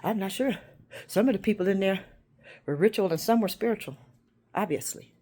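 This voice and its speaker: A woman vlogging a rambling, confrontational monologue, swinging between loud outbursts and hushed whispers. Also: mid-range voice, fairly quick. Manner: confrontational, addresses unseen listeners.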